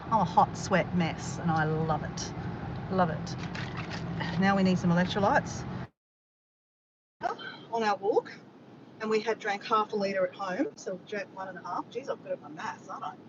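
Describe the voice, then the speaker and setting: An Australian woman chatting casually and excitably to viewers on a live stream, recorded outdoors on a phone. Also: medium pitch, normal speed, pauses often, lo-fi sound, noisy background. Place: outdoors after a walk.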